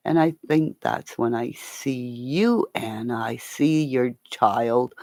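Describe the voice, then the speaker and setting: A woman from Northern Ontario, Canada, rambles unhurriedly through a livestream chat in a low, gravelly voice thick with vocal fry and a dark tone. She's animated, swears freely and calls viewers by name and by endearments, on dry, close audio with no room sound.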